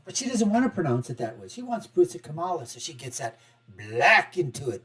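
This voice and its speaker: A middle-aged man hosting an online political commentary show, sarcastic and animated, with chuckling asides. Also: on the high side, moderate pace. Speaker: host.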